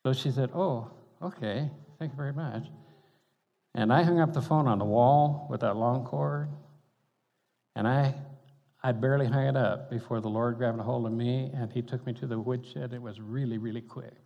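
A man's voice: mid-range voice, fairly even intonation, moderate pace, gravelly. An older man, a pastor telling stories in a folksy, conversational sermon, chuckling between points. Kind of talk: storytelling sermon. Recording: dull reverberant hall sound.

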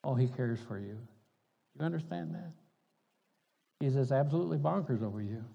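A man's voice: medium pitch, expressive, normal speed, creaky, warm tone, breathy edge. An older man, a pastor telling stories in a folksy, conversational sermon, chuckling between points. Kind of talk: storytelling sermon. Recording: dull reverberant hall sound.

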